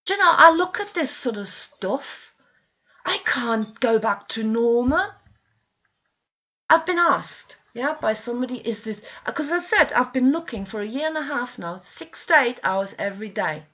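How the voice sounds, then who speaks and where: A woman's voice: a little high, animated, a little slow, sharp tone. A middle-aged woman ranting straight to camera, pleading and exasperated, swearing often. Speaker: vlogger. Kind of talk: emotional direct-to-camera rant. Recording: dull lo-fi home video sound.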